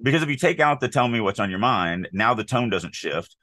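A man co-hosting a podcast, discussing a writing submission in a casual, animated way, often acting out quoted lines. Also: medium pitch, brisk, no echo. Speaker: podcast co-host.

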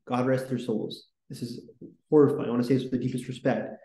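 A man's voice: medium pitch, quick pace, warm tone, reverberant, poor audio. A man hosting a casual history podcast, talking in a rambling, enthusiastic way with lots of fillers. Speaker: podcast host.

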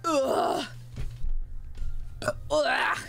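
Young woman streamer chatting while she eats, kinda high voice, jokey, swears a bit, faint music behind. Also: steady tone, very slow, vocal fry, a bit bright. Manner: playful and joking, reads out and thanks chat, swears casually. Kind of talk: casual live-stream chat while eating. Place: home, eating on camera.

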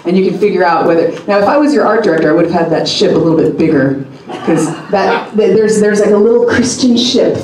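A woman talking on a live convention panel, chatty and quick to laugh, with frequent restarts. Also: mid-range voice, a little mellow. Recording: echoey hall, mic far off.

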